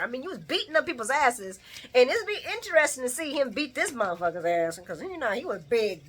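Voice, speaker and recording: Woman vlogger, chatty recap commentary, slangy and laugh-prone, lively pitch swings, bright tone. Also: fairly quick. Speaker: soap opera recap vlogger.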